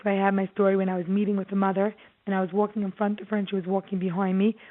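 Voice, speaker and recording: A woman's voice: mid-range voice, rapid-fire. Woman giving a parenting talk over tinny audio. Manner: earnest, animated storytelling with acted-out quotes. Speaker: child therapist giving a talk. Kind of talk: presentation to parents.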